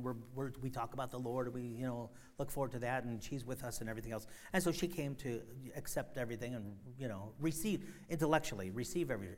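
A middle-aged man preaching a sermon as pastor, emphatic, with sudden loud rises and soft drops. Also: medium pitch.

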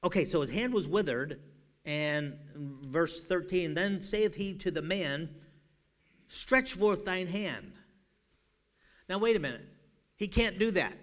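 Animated high-voiced male preacher. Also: unhurried. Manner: animated, rising to pleading cries when voicing doubt. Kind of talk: sermon.

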